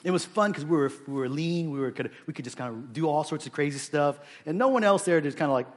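Earnest pastor man in his forties. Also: a little high. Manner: earnest, halting with frequent restarts. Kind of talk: prayer and sermon.

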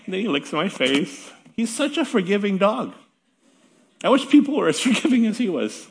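A man's voice: high voice, very animated, moderate pace, creaky, long pauses. A middle-aged male pastor preaching a sermon in a chatty, self-deprecating way with light laughs. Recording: long hall reverb.

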